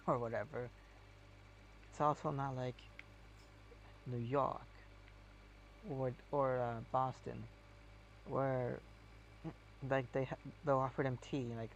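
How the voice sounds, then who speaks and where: A man with a gravelly, fry-heavy voice chats casually as he plays. He rambles and hesitates, reaching for words, over a faint engine hum. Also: medium pitch, level tone, slow, long pauses. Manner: rambling and hesitant, with many fillers. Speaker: game streamer. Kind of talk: casual chat while playing a game.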